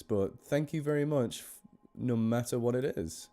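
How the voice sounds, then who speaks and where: A man's voice: medium pitch, moderate pace, warm tone, soft background music. A man chatting casually on a live stream between horror stories, rambling and self-deprecating as he thanks donors by name. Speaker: horror story narrator on a charity live stream. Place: indoors at home.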